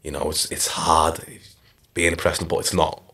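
Here a creaky bass voice runs a little fast: a man in his thirties from Liverpool, England, formerly a footballer. On a casual podcast he tells stories in a laid-back manner, with plenty of "like" and "you know."

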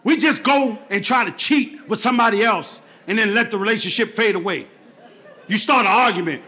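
A male stand-up comedian on a club stage, loud and swearing, acting out both sides of arguments. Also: sits high, brisk. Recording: live club recording with crowd noise.

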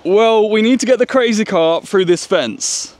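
A young man chatting casually for his vlog outdoors, excitable and quick to laugh. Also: high-pitched. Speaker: vlogger. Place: outdoors at a park and skate park. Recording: noisy outdoor camera audio.

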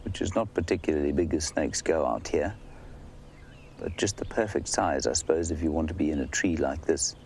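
A man's voice: a bass voice, lively intonation, moderate pace, darkish tone, slight background noise. A man hosting a live safari broadcast, chatting and explaining to viewers while answering their questions by name. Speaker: safari guide and live host. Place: outdoors in the bush. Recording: faint outdoor ambience behind.

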